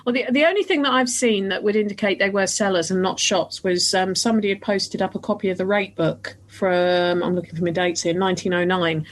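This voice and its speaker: A woman's voice: mid-range voice, steady tone, brisk, few pauses. A woman hosting a podcast and chatting casually, often restarting her sentences. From northern England. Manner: chatty, many restarts and fillers. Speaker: podcast host. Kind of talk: casual chat.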